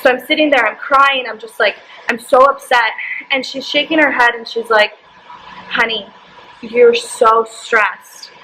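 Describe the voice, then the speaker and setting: A woman's voice: high-pitched, fairly quick, sharp tone, slight background noise, low-quality recording. A young woman vlogger telling a personal story to camera, candid and emotional, with lots of "like" fillers. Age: young adult.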